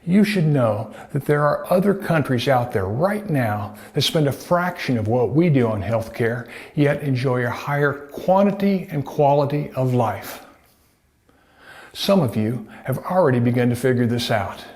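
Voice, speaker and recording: A man's voice: medium pitch, expressive, measured pace, a little mellow. Folksy man, a doctor. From United States. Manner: folksy, asks rhetorical questions. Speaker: doctor presenting a health video. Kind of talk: scripted talk to camera.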